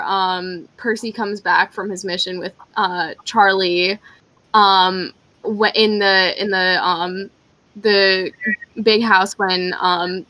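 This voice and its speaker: A woman's voice: mid-range voice, bright, forceful tone, rough recording. A young woman, a cosplayer, chatting casually on a group video call, rambling with many restarts and ums. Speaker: cosplayer panelist.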